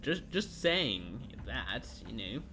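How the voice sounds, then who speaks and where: A man casting a live strategy game match, animated and joking, acting out the players in little quoted voices. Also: medium pitch, slow pace, background noise. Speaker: esports caster. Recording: music playing under the voice. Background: music.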